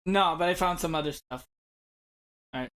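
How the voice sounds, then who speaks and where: A man's voice: fairly high pitch, moderate pace, fairly bright tone. A man co-hosting a podcast in a casual chat, queuing up clips and joking with his friends. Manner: laughing, playing clips for the group. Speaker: podcast co-host.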